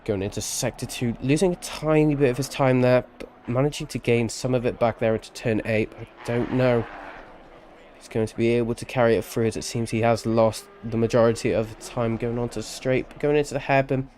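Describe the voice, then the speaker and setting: A man provides live-streamed sim racing commentary, chatty and rambling, dropping self-deprecating asides with a tired edge. His mid-range voice is fairly quick and darkish, with fairly even intonation and slight background noise.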